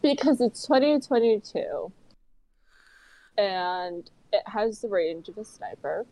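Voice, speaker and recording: A woman on a casual gaming podcast, explaining things in a deliberate, mock-serious way. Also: medium pitch, animated, warm tone, no room sound, low-quality recording.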